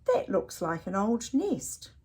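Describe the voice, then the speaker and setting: Brief: woman reading as a gentle, helpful park keeper in a storybook, slow and breathy. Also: medium pitch, huge pitch swings, exaggerated voice. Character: kindly older male park keeper.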